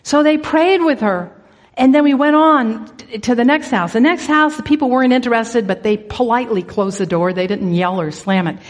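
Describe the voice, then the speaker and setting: A woman's voice: on the high side, moderate pace, long reverb tail. A woman giving an earnest sermon, telling a church story and leading a prayer, often restarting her words. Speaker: church speaker.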